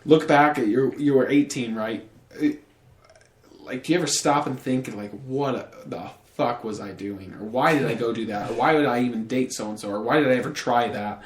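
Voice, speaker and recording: A young man chats loosely on a podcast, cursing often and jumping between thoughts. His mid-pitched voice rings a little in an echoey room, and he slips into other voices when he quotes people. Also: normal speed. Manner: rambling, profane, animated storytelling with acted quotes. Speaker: podcast host. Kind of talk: casual podcast chat. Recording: roomy echo.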